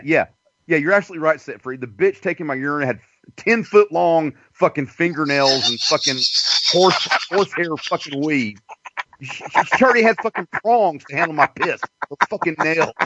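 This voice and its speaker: A man's voice: on the high side, very noisy. A man telling a long story in casual chat, rambling and profane. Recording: dull dry lo-fi recording.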